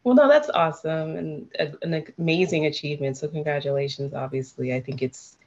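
A woman hosts a casual interview with a deep, husky voice. She asks questions and answers her guest with frequent laughs and affirmations. The audio sounds muffled and dull. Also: a little fast, darkish tone. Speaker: podcast host, interviewer.

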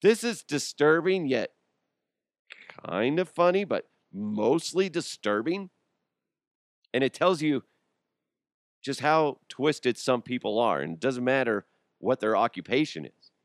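A young adult podcast host delivers a loose comedy monologue, joking, laughing and imitating voices. His medium-pitched voice has lively intonation, unhurried with frequent pauses. It's recorded at studio quality with no room sound.

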